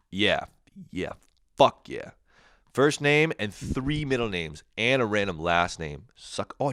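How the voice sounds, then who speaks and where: A young man hosting a crude solo comedy podcast, swearing freely, laughing at his own jokes and jumping into loud mock quotes. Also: fairly low pitch, dry recording, studio quality. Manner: profane, laughing, shifts into shouted mock quotes.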